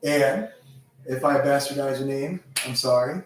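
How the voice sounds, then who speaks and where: A man's voice: medium pitch, measured pace. A man narrating a tabletop role-play game as game master, rambling loosely with many fillers. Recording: echoey room, mic far off, faint noise.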